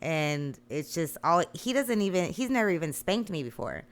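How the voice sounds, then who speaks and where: A woman telling profane, animated stories in casual chat. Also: fairly low pitch, moderate pace. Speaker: guest.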